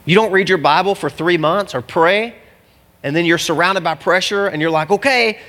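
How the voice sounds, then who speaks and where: A man preaching a sermon as a pastor, animated and jokey, acting out the people in the story. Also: sits high, moderate pace. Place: church. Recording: long hall reverb.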